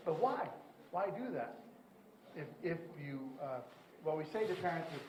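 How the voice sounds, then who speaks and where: A man giving a conference lecture, rambling with animated asides. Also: a little high, moderate pace, echoey room, slight background noise, poor audio. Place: conference hall.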